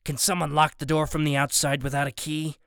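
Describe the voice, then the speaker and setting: A menacing gang boss, voiced by a male narrator in an audiobook, lower and rougher than the storyteller's own tone. He talks slowly and coldly, handing out orders like threats. The recording is smooth and dry, close to the mic. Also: flat delivery, a bit bright, no room sound. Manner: slow, cold and commanding. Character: menacing male gang leader, adult, bossy. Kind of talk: audiobook character voice.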